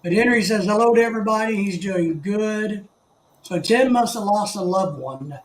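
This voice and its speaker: High-voiced chatty male stream host. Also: moderate pace. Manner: chatty, greets viewers by name, rambling. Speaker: livestream host. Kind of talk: casual live chat. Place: living in the Philippines. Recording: echoey room, faint background noise.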